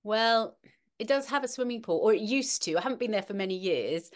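A middle-aged woman, co-hosting a casual weather chat, animated and talkative, with frequent ums and restarts. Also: mid-range voice, a little fast. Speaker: podcast co-host, weather presenter.

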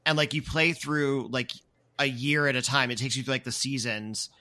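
A man's voice: mid-range voice, steady tone, moderate pace, pushed and bright. A man hosting a podcast in casual chat, telling stories expressively. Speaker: podcast host.

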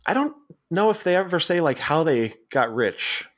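A man's voice: fairly high pitch, very animated, moderate pace, fairly bright tone. A man with a Philadelphia accent, co-hosting a casual movie podcast and retelling the plot in a rambling way, laughing and restarting often. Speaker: podcast co-host. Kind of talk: casual movie recap chat.

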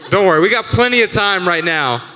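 A male podcast co-host speaking at a live event, measured and reflective, brisk when moderating audience questions. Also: high voice, lively intonation, in a large hall, background noise.

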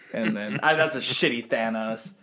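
A man's voice: fairly high pitch, expressive, moderate pace, fairly bright tone, slight background noise. A young man co-hosting an improv podcast, chatting casually, laughing often and swearing freely. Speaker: podcast co-host. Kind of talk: casual chat after an improv episode.

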